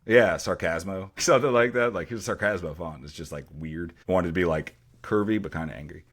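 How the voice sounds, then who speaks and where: A man with a deep voice, a teacher co-hosting a casual podcast chat and telling stories with dry sarcasm. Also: a little fast, fairly bright tone. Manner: dry sarcastic humor, storytelling with acted quotes.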